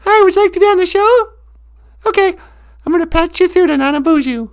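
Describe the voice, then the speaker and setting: Squeaky falsetto phone operator. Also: male voice, a little fast. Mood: chirpy.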